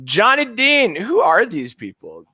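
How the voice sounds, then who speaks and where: A Canadian man in his thirties co-hosting a sports podcast, ranting with heavy swearing, swinging from shouting to muttering. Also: high-pitched, wildly swooping pitch, a little slow, breathy edge. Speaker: fantasy sports podcast co-host.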